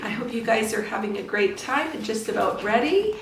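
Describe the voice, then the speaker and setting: A woman breeder explaining puppy training calmly, switching to high sing-song praise for the puppies. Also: brisk, far from the mic, background noise. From Canada. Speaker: dog breeder. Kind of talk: casual training demonstration. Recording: echoey room, voice off-mic.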